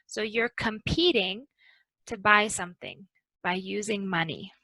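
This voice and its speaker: Woman english teacher, bright voice, dry close sound, talks real slow and careful. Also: medium pitch, vocal fry, no echo, poor audio. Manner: slow, careful, modeling intonation. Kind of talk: pronunciation lesson.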